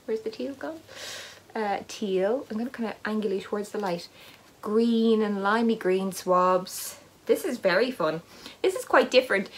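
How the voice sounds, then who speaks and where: Woman knitter vlogging, chatty and rambly, laughs at herself, mid-pitched voice. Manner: rambling and self-deprecating, many fillers and asides. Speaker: knitting vlogger and podcast host. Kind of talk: casual chatty vlog, unboxing advent yarn.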